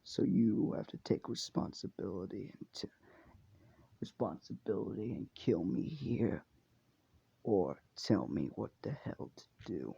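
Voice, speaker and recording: Brief: a man putting on a grieving young man, strained cracking voice, low and grim, half-whispered, dark gravelly tone, dull lo-fi sound. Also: animated, measured pace, dry recording, heavily acted. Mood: bitter. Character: bitter grieving young man, hoarse held-back voice. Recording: dull lo-fi recording.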